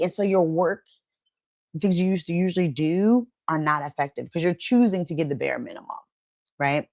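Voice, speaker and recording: A woman's voice: sits low, animated, moderate pace, gravelly, darkish tone. A woman giving a motivational wellness talk to camera, emphatic and conversational, often checking in with "right?" and acting out quoted inner voices. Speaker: wellness coach and channel host.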